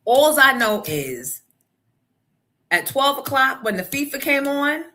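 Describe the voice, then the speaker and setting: Bright, blunt woman talk-show host. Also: high-pitched, takes it slowly. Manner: blunt, profane, animated storytelling. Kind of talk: casual opinion talk.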